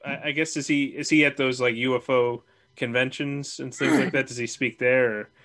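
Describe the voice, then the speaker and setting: A man interviewing a guest casually, asking halting follow-up questions. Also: medium pitch, level tone, a bit bright. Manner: halting follow-up questions, many short acknowledgements. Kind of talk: casual conversation.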